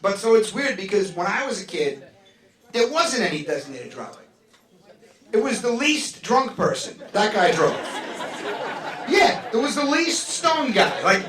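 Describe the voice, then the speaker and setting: A man doing a stand-up comedy set on a club stage, animated and acting out other people's voices. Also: sits high, moderate pace. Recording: echoey club recorded from a distance. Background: audience laughing.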